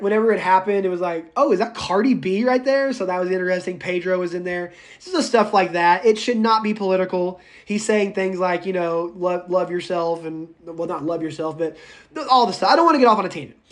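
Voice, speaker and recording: A man's voice: high voice, a little fast. A man giving an informal recorded lecture as a college instructor, chatty and digressive, with frequent restarts and asides.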